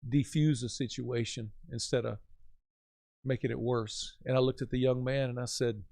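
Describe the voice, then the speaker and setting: A man who is a pastor, talking about faith in an earnest, animated storytelling way with a preaching cadence. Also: mid-range voice, normal speed, vocal fry. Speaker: pastor, podcast guest.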